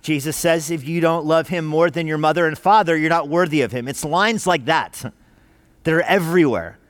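This emphatic preacher speaks at a normal speed with a fairly high-pitched voice. He is a pastor giving a sermon in a church sanctuary, his delivery earnest and punchy with brief phrases said again and again, and the close, dry recording has no echo.

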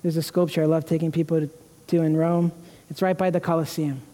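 High-voiced preaching man in a reverberant church. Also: little pitch movement, fairly quick, mellow. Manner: earnest, emotional preaching with repeated restarts. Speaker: pastor. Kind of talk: sermon. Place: church sanctuary.

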